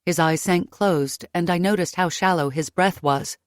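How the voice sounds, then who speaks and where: Woman audiobook narrator, lower voice, dry close recording, first-person storytelling. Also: normal speed, no room sound. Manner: lively, raising pitch for her own character's dialogue.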